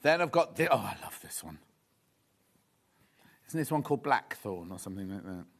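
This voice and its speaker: A man's voice: fairly low pitch, very animated, normal speed, creaky. A man presenting fabrics on a live shopping channel in a TV studio, chatty and rambling, with gossipy asides. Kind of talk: live TV selling chat.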